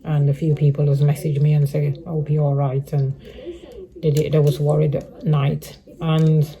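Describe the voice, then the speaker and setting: Mellow-voiced woman rambling through her worries. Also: low-pitched, flat delivery, normal speed. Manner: rambling, repeats herself, many restarts. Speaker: vlogger. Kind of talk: casual personal update to viewers. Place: living rough on the streets.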